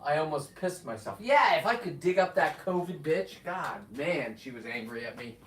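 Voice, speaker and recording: A man in his fifties talking casually on a live stream, rambling with loud outbursts and frequent swearing. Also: on the high side, expressive, normal speed, few pauses. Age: 50s. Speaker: livestreamer reading viewer comments. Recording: echoey, distant from the mic.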